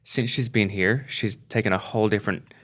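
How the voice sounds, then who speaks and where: A man's voice: fairly low pitch, brisk, fairly bright tone. A middle-aged man telling a story in casual talk on a podcast, acting out the people he quotes. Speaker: podcast co-host.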